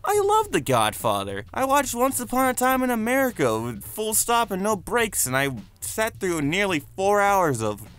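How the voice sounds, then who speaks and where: A man's voice: high-pitched, huge pitch swings, normal speed, hardly any pauses, a bit bright, smooth. A man giving a scripted comedic cartoon review with a sarcastic, profane, rambling delivery.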